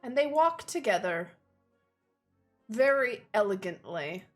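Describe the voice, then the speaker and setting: A woman's voice: mid-range voice, big pitch swings, slow pace, soft background music. A young woman narrating a tabletop game as game master, talking casually with filler words.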